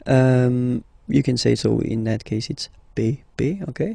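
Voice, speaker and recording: A man's voice: medium pitch, vocal fry, warm tone, slightly rough, dry recording. A man teaching a language lesson, patient and repetitive, checking in with "okay?" after each point. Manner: patient, repeats words slowly and checks with "okay?". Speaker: French teacher.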